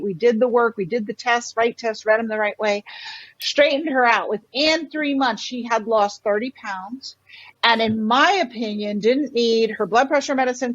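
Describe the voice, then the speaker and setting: A middle-aged woman with a fairly high voice talks as a podcast guest, passionate and animated as she tells stories. The sound is dry with little room, and slightly dull. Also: no room sound. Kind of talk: casual interview talk.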